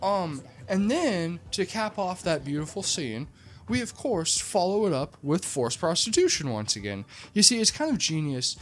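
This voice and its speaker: A comedic movie reviewer tells a film's plot with sarcastic, animated storytelling and lots of "like" fillers. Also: medium pitch, normal speed. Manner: frequent "like" fillers.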